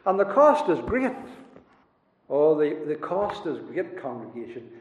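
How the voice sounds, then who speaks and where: A man preaching a sermon, swinging between loud rising declarations and hushed low asides. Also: sing-song, measured pace. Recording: roomy hall echo, dull lo-fi sound.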